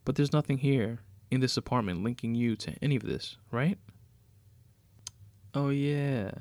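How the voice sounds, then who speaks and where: A man's voice: mid-range voice, a little mellow, no room sound, natural voice. A man voicing a cold, scheming male escaped prisoner who gloats over framing someone. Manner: gloating, smug.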